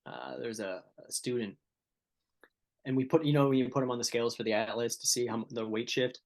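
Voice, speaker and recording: A man's voice: mid-range voice, fairly even intonation, fairly quick, creaky. Laid-back man telling a story. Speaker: podcast guest. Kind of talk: casual chat.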